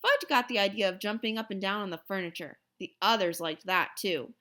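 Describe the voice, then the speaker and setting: A woman reading a children's novel aloud in an expressive storytelling manner. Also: medium pitch, fairly quick. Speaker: reader.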